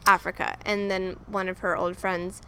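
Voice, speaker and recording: A woman's voice: medium pitch, level tone, normal speed, a bit bright, slight background noise, poor audio. A woman co-hosting a podcast in casual chat, rambling and chatty with lots of fillers. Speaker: podcast co-host.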